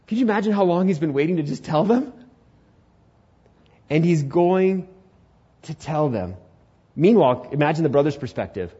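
Young man, pastor, sermon, mellow voice, loud then hushed, dull muffled sound. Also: on the high side, unhurried, pauses often, breathy edge. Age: 20s. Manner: animated storytelling, swings from loud to hushed.

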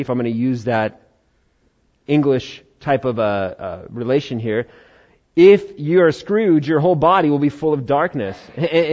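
An American man preaching a sermon in a conversational style, with quick quoted asides. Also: on the high side, a little mellow, muffled recording. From United States. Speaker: pastor.

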